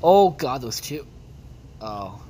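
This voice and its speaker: A woman's voice: a bass voice, sing-song, slow pace, noisy background. A woman casually commenting on her own gameplay for viewers, rambling and swearing often. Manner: foul-mouthed, rambling, talks to viewers. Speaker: gaming video host. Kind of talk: casual let's-play commentary.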